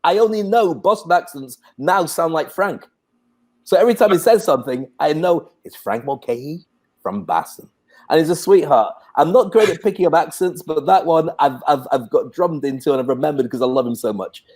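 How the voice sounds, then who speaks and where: Brief: British male co-host, slightly higher voice, relaxed self-mocking chat. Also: brisk. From Britain. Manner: self-deprecating, warm storytelling. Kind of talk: casual chat.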